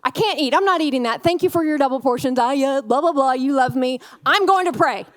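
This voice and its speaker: A woman's voice: sits high, fairly quick, no echo, lightly acted. A woman voicing a frustrated childless woman venting her complaints to God in an exasperated, whiny way.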